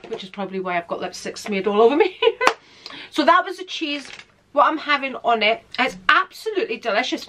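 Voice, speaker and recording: A woman's voice: fairly high pitch, noisy background. A woman vlogging casually to camera in her room at home, chatting, laughing often and sometimes talking with food in her mouth.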